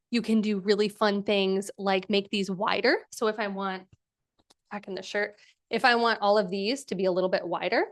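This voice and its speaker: A woman's voice: medium pitch, a bit bright. A young woman hosting a live workshop, walking through a design tool in a chatty, enthusiastic way with many fillers. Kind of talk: casual live screen-share demo.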